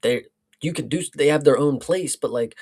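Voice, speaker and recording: A man's voice: on the high side, normal speed, vocal fry, a little mellow, slightly rough. Blunt, foul-mouthed podcast co-host man. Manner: blunt and loose, swears freely. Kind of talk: casual chat.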